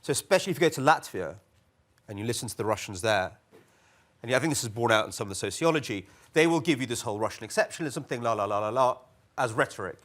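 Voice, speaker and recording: A man on a conference panel, talking in a wry and lively way. He often slips into mock voices to quote other people. His pitch sits in an ordinary middle range. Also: fast talker. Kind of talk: panel discussion remarks. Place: conference hall.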